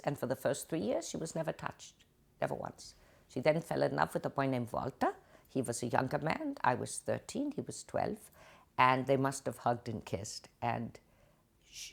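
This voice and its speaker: An older woman, a guest actress and author, telling stories in an interview and acting out quotes with lively voices. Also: extremely low pitch, moderate pace, gravelly, breathy edge. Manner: animated, acts out quotes in different voices. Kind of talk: interview storytelling. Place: TV studio.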